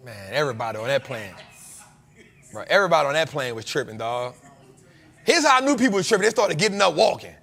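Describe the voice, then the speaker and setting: A man's voice: fairly high pitch, very animated, fast talker, creaky, long pauses, fairly bright tone. A man, the host of a show, telling a story in a casual, slangy way and laughing often. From United States.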